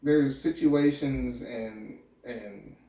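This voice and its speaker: A man's voice: medium pitch, extremely slow, mellow, echoey room, far from the mic. A man who works as a sheriff's deputy and academy instructor, talking candidly and reflectively in a podcast interview with many restarts.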